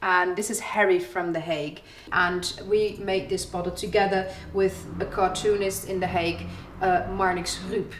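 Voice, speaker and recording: A woman's voice: lowish voice, steady tone, moderate pace, hardly any pauses. A woman from the Netherlands, telling history in a chatty, storytelling way as a distillery guide. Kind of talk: explaining history to visitors. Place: echoey distillery room. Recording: echoey room with faint background hum.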